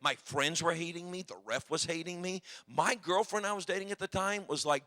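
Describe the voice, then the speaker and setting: A man preaching a sermon in a church, telling stories in an animated, emphatic, humorous way. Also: on the high side, fast talker, few pauses, dry recording. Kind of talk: sermon with personal storytelling.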